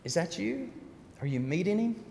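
A pastor preaching a fervent sermon, repeating himself and rising to shouts. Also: male voice, high-pitched, sing-song, moderate pace, creaky, slight background noise. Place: church sanctuary. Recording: long reverb of a church hall.

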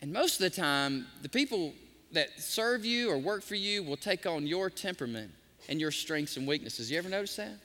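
A pastor preaches with a high, bright and very lively voice. His words ring out with long reverb through a large hall. He swings between excited bursts and soft, drawn-out lines. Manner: animated preaching, sometimes softly sings hymn lines. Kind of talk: sermon.

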